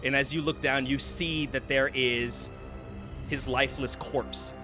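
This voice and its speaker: A man running a tabletop game as game master, narrating a horror scene in vivid detail, often hushed, with fillers. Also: medium pitch, steady tone, a little slow. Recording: music underneath.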